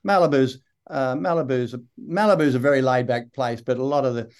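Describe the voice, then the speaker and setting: Broad Australian older man, smooth voice. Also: mid-range voice, a little mellow. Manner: unhurried, rambling storyteller with many fillers. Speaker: actor guest. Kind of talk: relaxed interview anecdotes.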